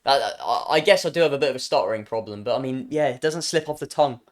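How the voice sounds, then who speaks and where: A man's voice: medium pitch, animated, fast. A young British man streaming live, reacting to chat with jokes and playful banter, often trailing off and restarting his sentences.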